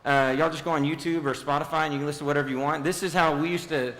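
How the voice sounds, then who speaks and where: A man's voice: a little high, steady tone, very fast, a bit bright, slight background noise. A man in his thirties giving a casual youth sermon, joking and quizzing the audience. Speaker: youth speaker. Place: large hall with audience. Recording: long hall reverb.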